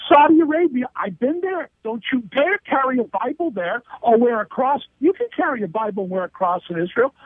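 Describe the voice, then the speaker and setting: A man with a very high, husky voice holds forth with indignant emphasis and keeps repeating his points. He calls in over a tinny phone line, and the sound is dry and close. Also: expressive, fairly quick, few pauses, no echo. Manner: indignant, emphatic, hammering repetition. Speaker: guest commentator. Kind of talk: phone-in interview commentary. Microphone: telephone line.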